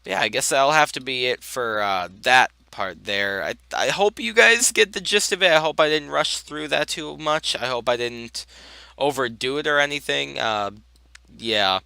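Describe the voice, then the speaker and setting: A man's voice: mid-range voice, moderate pace, creaky, pushed and bright, smooth, no room sound. Tired young man rambling over gameplay. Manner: rambling, lots of uh and um fillers. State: tired, yawning. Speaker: gaming video host. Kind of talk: casual game commentary.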